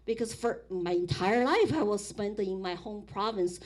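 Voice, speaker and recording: A middle-aged woman from Sichuan with a Chinese accent, telling her life story in a public talk, animated, with frequent restarts. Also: medium pitch, moderate pace. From Sichuan, China. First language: Mandarin Chinese.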